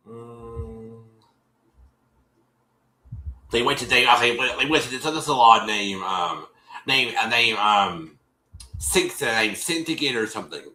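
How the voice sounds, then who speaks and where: A man's voice: mid-range voice, bright, forceful tone, reverberant, poor audio. A man hosting a live stream, casually recapping a show in a rambling way, with many restarts and fillers. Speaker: host.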